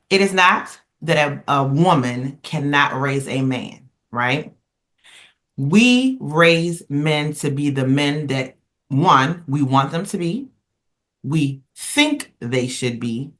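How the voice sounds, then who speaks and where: A woman speaking on a casual podcast roundtable, emphatic and animated, circling back and restarting as she tells stories. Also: low voice. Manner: emphatic, animated storyteller who rambles and restarts. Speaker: roundtable panelist.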